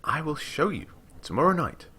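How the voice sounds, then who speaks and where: A man's voice: fairly high pitch, big pitch swings, normal speed, bright, forceful tone, a little hiss or hum, voice pushed up. A man voicing an eager, secretive young woman mathematician in a story game, with a lilting, confiding manner. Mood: teasing.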